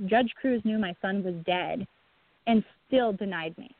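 A woman, a guest on the show, telling a painful personal account in a halting way, with many restarts and a breaking voice. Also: medium pitch, dry recording. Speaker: guest, bereaved mother. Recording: tinny phone line.

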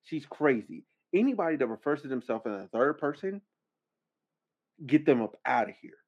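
A man's voice: mid-range voice, big pitch swings, a little fast, a little mellow. A man hosting a podcast, giving a casual, exasperated commentary rant, repeating his points with emphasis. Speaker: podcast host. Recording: slightly muffled, lo-fi audio.

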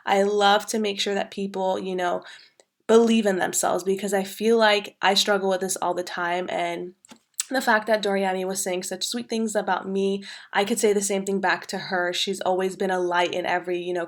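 A woman's voice: medium pitch, fairly bright tone. Bubbly twenty-something woman chatting as a podcast guest, lots of ums and you knows. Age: 20s. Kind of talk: casual podcast chat.

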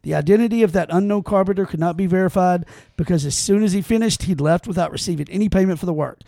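A man with a high, gravelly voice co-hosts a casual podcast, reading aloud haltingly and breaking off with exclamations. The sound is close and dry, with no room around him. He restarts lines often as he goes. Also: dark tone, dry recording. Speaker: podcast co-host.

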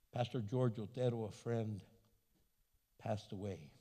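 A man preaching a sermon as pastor, animated and acting out the voices of people he quotes. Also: fairly low pitch, a little slow. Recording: long hall reverb.

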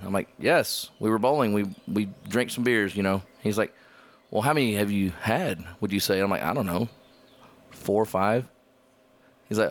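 On a casual podcast among friends, a man with a lowish voice tells a story at moderate pace, laughing, swearing and acting out the cops' lines.

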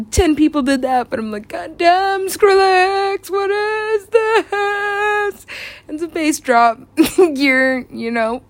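A giggly, excitable young woman with a rather high voice that swoops all over the place. She rambles and swears, laughing through her own tangents, recorded close and dry. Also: no echo. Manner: giggly, excitable, profane, trails off. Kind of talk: rambling storytelling.

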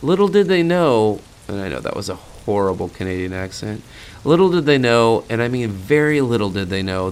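A man's voice: fairly low pitch, slight background noise. A man hosting a true-crime podcast in a casual, blunt and sarcastic way, swearing freely. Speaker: podcast host.

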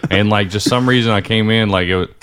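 A man with a lowish voice chats casually on a podcast. He teases the others in a dry way. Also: fairly even intonation, a little fast, a bit bright, clean tone. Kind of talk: casual chat.

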